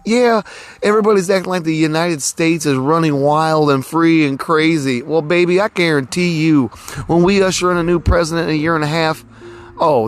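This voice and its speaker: A man hosting a podcast, musing in a casual, rambling way with lots of fillers, recorded outdoors. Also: fairly high pitch. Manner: rambling, folksy, many fillers like "you know". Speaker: podcast host. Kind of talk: casual philosophical monologue. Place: outdoors with cars passing.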